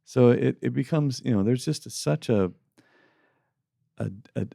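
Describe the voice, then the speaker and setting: Recorded with studio quality and no room sound, this middle-aged faith podcast co-host has a warm, gravelly, medium-pitched voice and an unhurried delivery. His talk is casual, and he adopts mocking voices for quotations.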